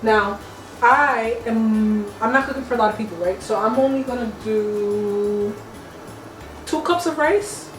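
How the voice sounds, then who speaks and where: Young woman rambling while she cooks, kinda high voice, roomy echoey kitchen. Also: measured pace. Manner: chatty, playful, slangy, talks to viewers. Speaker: cooking vlogger. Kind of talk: casual cooking vlog. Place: home kitchen. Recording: echoey kitchen, mic at a distance. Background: music playing.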